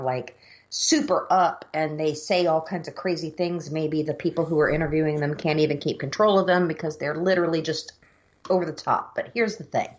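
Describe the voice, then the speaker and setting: Lower-voiced woman chatting casually. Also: highs cut off. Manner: chatty, self-deprecating, laughs easily. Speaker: podcast co-host. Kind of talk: casual chat.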